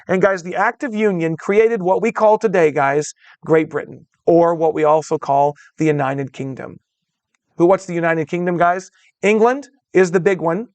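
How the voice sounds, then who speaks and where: A man with a high, animated voice delivers a recorded history lecture at a moderate pace, with no room sound. He keeps it conversational, calling his students "guys," checking in with "all right?", and acting out the voices of historical groups as quotes.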